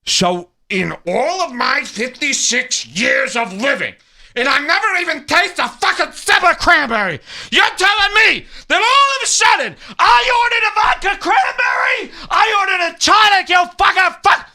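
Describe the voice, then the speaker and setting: Brief: a man doing a fifties guy losing it at a waiter, voice jumping way up high into a cracking, profane scream. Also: animated, normal speed, pushed and bright, shouting, full character voice. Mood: outraged. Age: 50s. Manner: shrieking, profane outrage. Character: furious fifty-something man snapping at a waiter.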